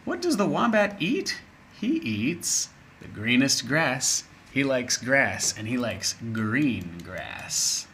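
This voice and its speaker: Slow, expressive male English teacher. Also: medium pitch, slight background noise. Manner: explains words slowly, expressive. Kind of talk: reading a story aloud to young learners.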